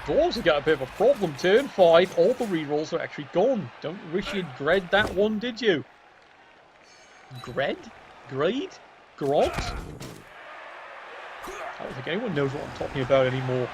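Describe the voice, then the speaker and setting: Man, higher-pitched voice, casual game commentary, wry and sweary, faint background hiss. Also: very animated, moderate pace. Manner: wry, jokey, swears freely. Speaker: video game match commentator.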